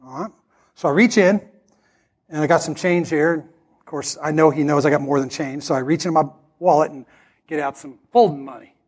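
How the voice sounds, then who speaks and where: A man preaching a sermon as pastor, telling stories and acting out the dialogue with animated delivery. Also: fairly high pitch, a little fast.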